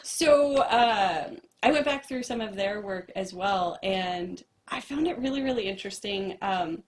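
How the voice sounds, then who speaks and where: A woman's voice: medium pitch, lively intonation, unhurried. A woman co-hosting a casual chat, talking in a rambling, giggly way. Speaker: co-host.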